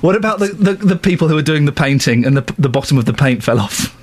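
A male radio host chats on air and keeps breaking into giggles. His voice is quite high for a man and bounces around a lot. He talks into a close studio microphone. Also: lively intonation, fast talker, darkish tone, breathy edge. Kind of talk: casual on-air banter.

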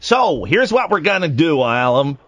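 A man's voice: a little high, big pitch swings, normal speed, fairly bright tone. A man hosting a late-night phone-in radio show, jokey and mock-outraged, rambling and restarting his sentences. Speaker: radio host. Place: radio studio. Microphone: studio microphone.

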